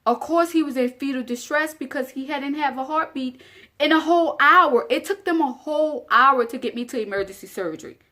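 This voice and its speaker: A young woman with a slightly high voice recounts a personal story to her viewers in a casual vlog. She speaks earnestly and directly to the audience, repeating phrases to drive her points home. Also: a little fast, few pauses, fairly bright tone. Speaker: vlogger.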